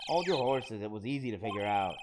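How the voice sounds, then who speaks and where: A man's voice: on the low side, animated, quick pace, background noise, lightly acted. A man voicing a dry, sarcastic young male lawyer in a video game. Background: video game music.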